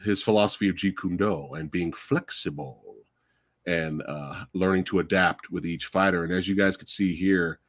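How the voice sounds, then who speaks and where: A man hosting a casual movie review chat, gushing and excitable, swearing freely. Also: sits low, moderate pace, no room sound, clean studio sound. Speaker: podcast host.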